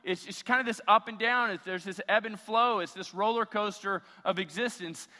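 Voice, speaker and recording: High, bright-voiced preaching pastor. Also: male voice, normal speed, long reverb tail. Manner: emphatic, repeats phrases for stress. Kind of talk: sermon.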